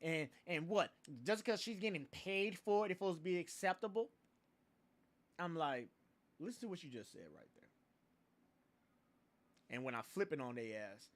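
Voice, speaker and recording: A man's voice: medium pitch, expressive, moderate pace, pauses often. A young man hosting a livestream, ranting in a casual, profane way with laughs and repeated filler phrases. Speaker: livestream host.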